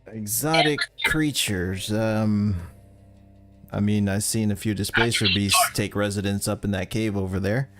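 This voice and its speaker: A man voicing a laid-back frontier villager who talks slowly and dryly in tabletop role-play. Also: on the low side, a bit bright, soft background music. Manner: slow, drawling, dryly unbothered.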